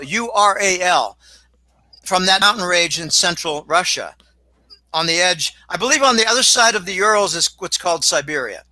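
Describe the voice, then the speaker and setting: A man talking as a guest in a casual interview, rambling and animated, with sudden exclamations. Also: sits high, no echo, rough recording. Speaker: guest commentator.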